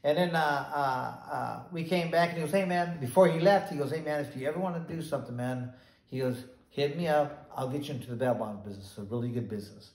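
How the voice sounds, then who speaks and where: A retired boxer in his sixties spins a long story in a lively, animated way, slipping into the voices of the people in it. His voice sits a little high for a man. The recording carries a roomy echo. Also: quick pace, gravelly. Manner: animated, acts out quoted voices. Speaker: retired boxer, podcast guest. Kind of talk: casual storytelling.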